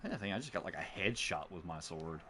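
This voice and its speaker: A man playing a co-op game and chatting about it casually, excitable as he comments on the action. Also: low voice, a little fast, slight background noise. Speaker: co-op gameplay streamer. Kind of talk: casual gaming chat.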